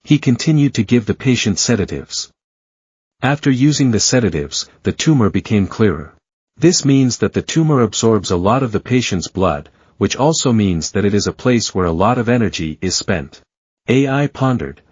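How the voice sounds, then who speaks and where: A man reading a story recap in a steady, even narration. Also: fairly low pitch, moderate pace, husky, dry recording, lo-fi sound.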